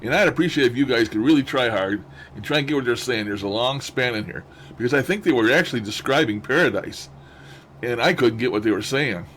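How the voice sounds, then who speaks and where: A man's voice: mid-range voice, lively intonation, brisk, fairly bright tone, a little hiss or hum. A man hosting a session, casually commenting and musing as he plays back recordings, chuckling to himself. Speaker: host reviewing spirit-box recordings. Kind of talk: casual commentary over playback.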